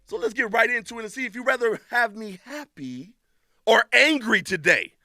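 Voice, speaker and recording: Man, lively swooping pitch, bright voice, dry close sound, mock-angry meme host. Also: moderate pace, dry recording, faint music behind. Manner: animated, mock-angry outbursts, shouting at times. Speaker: podcast segment host. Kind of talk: reading viewer memes with reactions.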